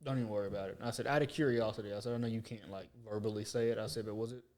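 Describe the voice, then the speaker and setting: A podcast co-host with a lowish voice talks very fast, telling a story in casual, profane banter. He's an animated storyteller who acts out the quoted lines.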